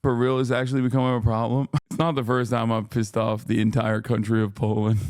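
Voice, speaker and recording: A man's voice: medium pitch, little pitch movement, brisk, a little mellow, smooth, dry recording, studio quality. A man streaming live, reacting in a profane, rambling way, often breaking into laughter.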